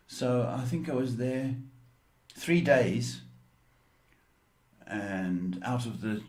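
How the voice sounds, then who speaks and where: A man hosting a livestream psychic reading, giving advice in a slow, rambling way with many fillers and fond names for his callers. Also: mid-range voice, darkish tone. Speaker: psychic reader and show host.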